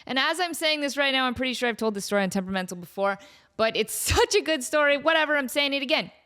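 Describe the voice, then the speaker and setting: A woman's voice: sits high, fast talker. Chatty woman podcast host telling stories. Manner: animated, chatty, with many likes and ums. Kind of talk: casual storytelling.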